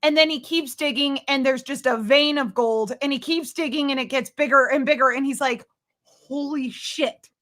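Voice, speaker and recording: Playful high-voiced woman guest. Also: steady tone, fairly quick, few pauses, a bit bright. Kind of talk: casual chat.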